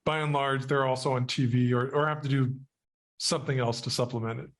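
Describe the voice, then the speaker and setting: A man's voice: mid-range voice, fairly even intonation, a little fast. A man hosting a podcast interview, reacting with short remarks and chatting casually. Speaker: podcast host.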